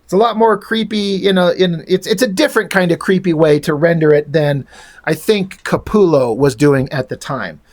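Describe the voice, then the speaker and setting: A man's voice: on the high side, normal speed. A man reviewing comic books in casual, rambling chat, frank and swearing freely.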